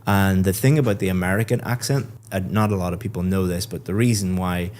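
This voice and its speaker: Deep-voiced Irish man teaching. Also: fairly even intonation, quick pace, a little mellow, slight background noise. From Ireland. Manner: encouraging, explanatory, laughs often. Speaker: English teacher and examiner. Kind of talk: feedback on a speaking test.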